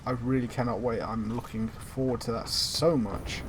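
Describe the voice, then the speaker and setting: A man's voice: medium pitch, fairly even intonation, moderate pace, slight background noise. Rambling, sweary young man gaming. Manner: rambling, filler-heavy, sweary. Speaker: gaming channel host. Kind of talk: casual gameplay commentary.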